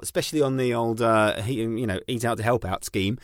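A man's voice: medium pitch, a little fast, no room sound, clean studio sound. A British man co-hosting a casual podcast chat. He tells stories with energy and acts out the voices of the people in them. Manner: animated storyteller, acts out voices. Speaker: podcast co-host.

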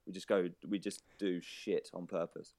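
A man co-hosting a podcast, joking excitably and swearing freely in casual banter. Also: deep voice, normal speed, no echo, studio quality. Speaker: podcast co-host.

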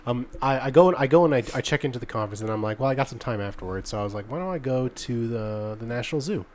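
A man's voice: mid-range voice, animated, quick pace, a little mellow, a little hiss or hum. A man in his thirties co-hosting a podcast, telling a long story in casual chat with lots of restarts. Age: 30s. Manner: rambling storyteller, many restarts. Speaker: podcast co-host.

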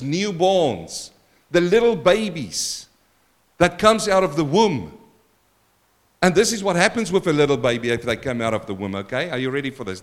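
Male pastor mid-sermon, higher-pitched, lively and questioning, booming then hushed. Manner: animated preaching with questions to the congregation; swings between loud exclamations and quiet asides.

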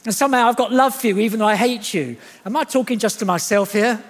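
A man preaching a sermon, his voice sitting high for a man. He is animated and jokey, and he acts out the voices he quotes. A long reverb trails behind him in a church hall. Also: fast talker.

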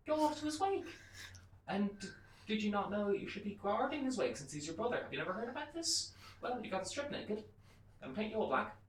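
A woman's voice: mid-range voice, very animated, brisk, voice pushed up, lightly acted. A woman voicing a tricky village wife who nags her husband in a told folk tale. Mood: scolding. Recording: roomy echo, distant mic.

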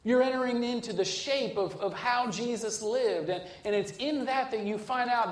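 A man preaching a sermon as a pastor, earnest, swinging between urgent and hushed, often repeating words as he restarts a phrase. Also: very high-pitched, moderate pace, roomy sound.

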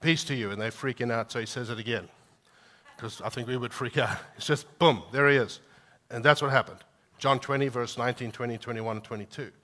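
A man preaching a sermon, lively and animated, acting out quotes from scripture. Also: medium pitch, a little fast. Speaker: pastor.

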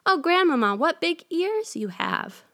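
A woman's voice: medium pitch, moderate pace, fairly bright tone, natural voice. A woman voicing a naive, trusting little girl in a storybook reading. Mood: wondering. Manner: wondering, naive. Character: innocent trusting little girl, wide-eyed.

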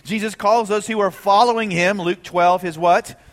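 Male pastor, high voice, lively preaching in a reverberant church hall. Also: moderate pace. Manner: animated, rhetorical questions to the congregation. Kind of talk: sermon.

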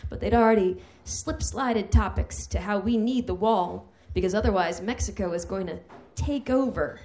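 A woman's voice: mid-range voice, moderate pace, mellow. A woman hosting a live comedy night, reading her own humorous essay with a wry delivery that builds to mock outrage.

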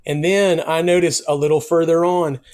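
A middle-aged worship musician telling a personal story in an interview, earnest and emotional, his voice going soft when he speaks of faith. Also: a little high, steady tone, normal speed.

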